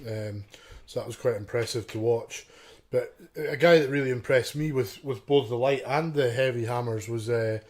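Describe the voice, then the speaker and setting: A man's voice: mid-range voice, normal speed, hardly any pauses, darkish tone. A man co-hosting a podcast, speaking in easygoing casual chat, chuckling often and restarting with fillers. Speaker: podcast co-host.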